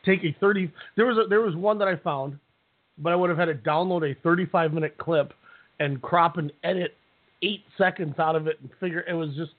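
A man's voice: a little high, brisk. A man co-hosting a podcast, chatting casually and jokily with lots of restarts. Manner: rambling, jokey, with many restarts. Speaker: podcast co-host. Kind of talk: casual chat recapping a reality show. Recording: tinny phone-like line.

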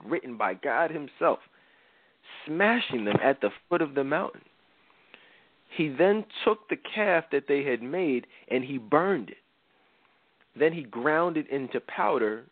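Animated man retelling scripture in slang. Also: a little high, no room sound. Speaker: talk show host. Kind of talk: casual Bible discussion. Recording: dry, phone-like radio sound.

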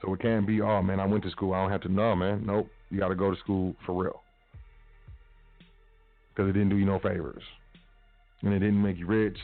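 A man with a lowish voice hosts a motivational talk radio monologue, speaking casually yet emphatically and repeating his phrases. The sound comes over a tinny, phone-like line that is dry, with no echo.

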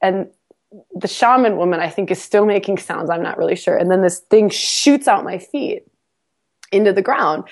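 A woman's voice: medium pitch, normal speed. A woman, a podcast guest, telling a personal story in a casual interview. She mocks herself, laughs often and repeats words as she restarts sentences. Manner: animated, self-mocking storyteller with frequent laughs.

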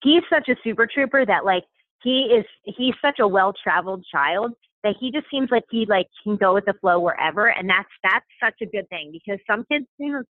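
A woman's voice: mid-range voice, lively intonation, a little fast, dry recording. A chatty woman rambles through a casual conversation, full of fillers and restarts. Her voice comes over a thin, phone-like line, and the sound is dry, with no room around it. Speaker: podcast guest, stay-at-home mom. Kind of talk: casual chat.

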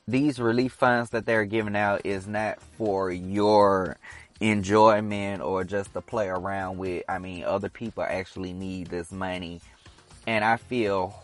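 A man hosting his own podcast in a casual, opinionated solo monologue, teasing that he will stir up controversy. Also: low-pitched. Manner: chatty and opinionated, teasing about stirring controversy. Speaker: podcast host.

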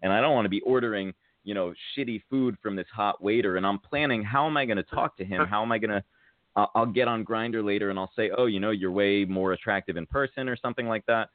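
A man's voice: fairly low pitch, quick pace, dry recording. An American man, a podcast host, telling a rambling, casual story with many fillers. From United States. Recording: tinny phone-like sound.

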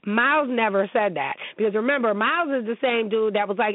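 Woman talk-show host, casual profane commentary, slightly high voice, tinny and dry. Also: brisk, no room sound. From United States. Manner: blunt, profane and animated.

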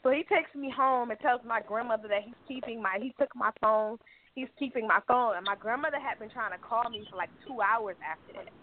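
A woman's voice: fairly high pitch, brisk. A young adult woman co-hosting a talk radio show, telling a story with lots of swearing and acted-out quotes. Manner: animated, swears freely, acts out quotes. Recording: tinny phone line with crowd noise.

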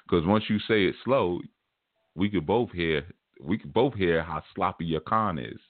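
A man's voice: deep voice, unhurried, no echo. A man hosting a spiritual teaching show, talking in a casual, laid-back, streetwise way and often repeating his phrases. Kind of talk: casual livestream talk. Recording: tinny phone-like dry sound.

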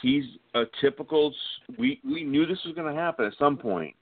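A man's voice: a little high, normal speed, no echo. A man co-hosting a casual sports talk show who speaks thoughtfully, with fillers. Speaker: podcast co-host. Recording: tinny phone-line sound, dry.

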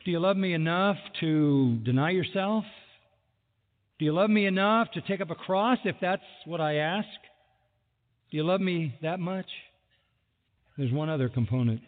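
Animated preacher man in an echoing hall. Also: on the high side, moderate pace, long pauses. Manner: animated, rhetorical questions, mock exasperation. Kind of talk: sermon. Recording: phone-like audio in a large echoing hall.

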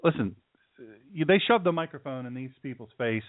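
A man hosts a talk radio show in an opinionated, mocking monologue. His pitch swings widely as he talks. The sound is dry and narrow, like a phone line. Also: animated, fairly quick, no room sound. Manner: sarcastic, mocking, puts on caricature voices.

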